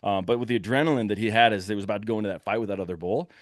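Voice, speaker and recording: A young man telling a hunting story in a lively, casual way, acting out the shouts of the people in it. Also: fairly low pitch, very fast, no echo, clean studio sound. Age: young adult. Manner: animated, breathless retelling with quoted shouts.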